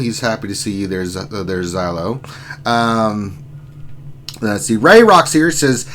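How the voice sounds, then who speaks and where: A man hosts a casual gaming livestream. He rambles, jokes and reads out chat messages in an easygoing voice of medium pitch. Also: expressive, moderate pace, fairly bright tone, slight background noise. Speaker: streaming host.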